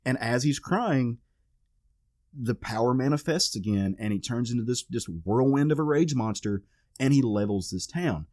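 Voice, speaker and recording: A man's voice: medium pitch, expressive, normal speed, a little mellow, no echo, studio quality. A man co-hosting a podcast, casually and animatedly retelling a comic issue and acting out its characters' lines. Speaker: podcast co-host. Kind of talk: casual chat recapping a comic.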